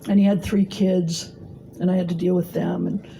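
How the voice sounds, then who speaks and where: A woman's voice: fairly low pitch, level tone, normal speed, gravelly, warm tone, a little hiss or hum, rough recording. A middle-aged woman telling her own recovery story at a meeting, blunt and salty, with plenty of fillers. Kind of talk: personal testimony talk. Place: meeting hall.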